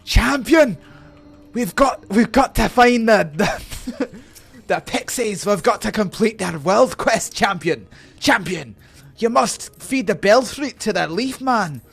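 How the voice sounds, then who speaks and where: Booming dwarf quest-giver, thick put-on Scottish burr, barking orders, voiced by a male streamer, raised and loud. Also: lively intonation, slow, vocal fry, husky, full character voice. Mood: commanding. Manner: loud, urgent, proclaiming orders.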